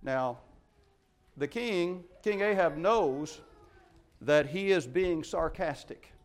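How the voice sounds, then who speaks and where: A pastor preaching a sermon, a man who retells scripture in his own words and stresses his points with sudden rises and drops in loudness. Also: a little high, lively intonation, slow. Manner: emphatic preaching with wide swings in loudness.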